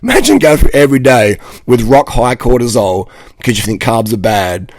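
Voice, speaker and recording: A man's voice: mid-range voice, lively intonation, normal speed, dry recording. A man, ranting casually to camera in a blunt, rambling, profane way. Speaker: vlogger.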